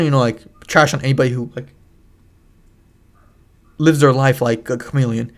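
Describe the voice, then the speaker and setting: A man's voice: mid-range voice, fairly even intonation, moderate pace, pauses often. Young man rambling, profane storytelling. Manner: rambling, profane, frequent restarts. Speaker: gaming channel host. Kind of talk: casual storytelling over gameplay.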